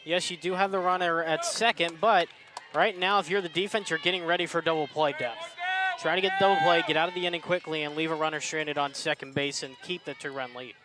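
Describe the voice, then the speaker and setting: A man doing color commentary on a softball game, explaining strategy in a relaxed coaching tone. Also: on the high side, fairly quick. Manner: analytical, coaching tone, laughs easily. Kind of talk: live sports commentary.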